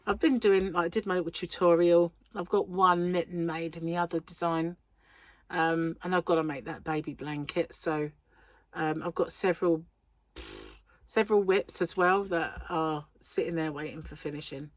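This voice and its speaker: With a lowish voice, fairly even intonation and normal speed, an English woman talks casually on her crochet vlog. She rambles, says um a lot, and still has a slightly sore throat; the recording has no echo.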